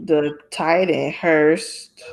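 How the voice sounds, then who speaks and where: A podcast co-host in casual sports chat, with slow, drawn-out, animated reactions. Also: mid-range voice, gravelly.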